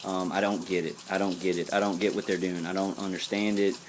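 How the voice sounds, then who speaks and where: A man's voice: sits low, little pitch movement, fairly quick, slight background noise. A man delivering an earnest spiritual pep talk to camera, rambling and repeating himself. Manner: earnest, intense. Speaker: vlogger.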